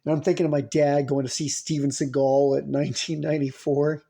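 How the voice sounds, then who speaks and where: A man riffs through a comedic monologue with a sarcastic, rambling delivery. His voice sits a little high. He gets animated as the bit builds. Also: a little fast, creaky. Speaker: podcast host.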